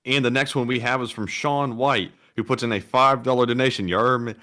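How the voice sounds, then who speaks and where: A man's voice: medium pitch, steady tone, fairly quick, pushed and bright. A man co-hosting a live stream, reading out chat questions in casual talk and keeps tacking on a joking catchphrase.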